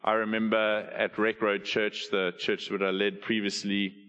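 A man's voice: on the low side, a little slow, clear, resonant tone, muffled recording. A middle-aged man, preaching a sermon as a pastor, telling stories and putting questions to the congregation. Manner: animated storytelling, asks the audience questions. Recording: long hall reverb.

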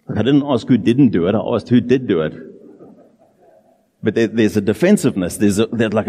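A man's voice: fairly low pitch, mellow, slightly rough. Earnest male preacher in a reverberant hall. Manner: earnest, emphatic preaching with slow, drawn-out phrases. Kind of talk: sermon.

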